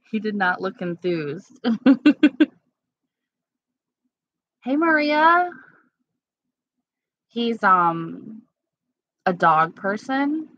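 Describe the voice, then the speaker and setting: Slow-talking chatty woman live-streaming. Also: medium pitch, lively intonation, dry recording. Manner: chatty, frequent laughter, candid. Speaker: livestream host. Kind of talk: casual live-stream chat, answering viewers. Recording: slightly dull lo-fi sound.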